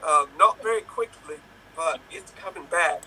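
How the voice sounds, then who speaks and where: A man's voice: on the high side, normal speed, sharp tone, voice pushed down. A man improvising a boastful, rambling movie-star character in a comedy game, recorded a bit far from the mic with faint background noise.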